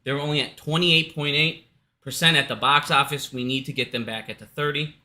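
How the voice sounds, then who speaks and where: A man's voice: on the high side, steady tone, fairly quick, pushed and bright. A man from Minnesota giving casual, heated commentary at home, profane and repetitive, hot and out of breath. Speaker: stock market commentator. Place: his house.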